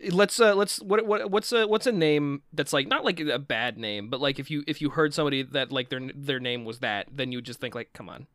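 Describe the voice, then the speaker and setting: A man's voice: medium pitch, a little fast, hardly any pauses, fairly bright tone, no room sound, studio quality. A man co-hosting a casual podcast, rambling with many restarts and casual swearing. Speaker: podcast co-host. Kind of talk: casual chat.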